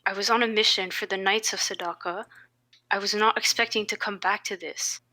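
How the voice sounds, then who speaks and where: Female player, bright clear voice, eager quick reactions, tabletop chat. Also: mid-range voice, steady tone. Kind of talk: tabletop role-play chat.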